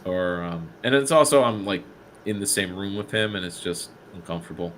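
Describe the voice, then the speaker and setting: Guy telling a story on a podcast, mid pitch, gets loud doing the other voices, faint hiss behind. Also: a little fast. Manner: animated, acts out quoted people, swears. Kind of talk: casual storytelling chat. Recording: faint background noise.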